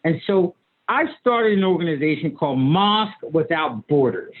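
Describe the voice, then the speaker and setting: An imam in his sixties, guesting on a video call, gives a conversational lecture in an expressive voice on the high side at normal speed. He talks emphatically in a folksy, repetitive way with stammered restarts, and the audio sounds tinny and phone-like.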